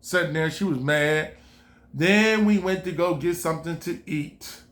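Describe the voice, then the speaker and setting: A man's voice: fairly high pitch, measured pace, a bit bright. A man casually telling a personal story, rambling and repeating himself while he quotes his own thoughts. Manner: rambling, repetitive, quoting himself. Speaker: vlogger.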